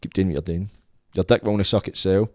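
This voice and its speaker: A Scottish man hosting his own podcast in a crude, rambling comic monologue, full of swearing and sudden jumps between loud bursts and low mutters. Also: steady tone, fast, no echo, clean studio sound. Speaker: podcast host.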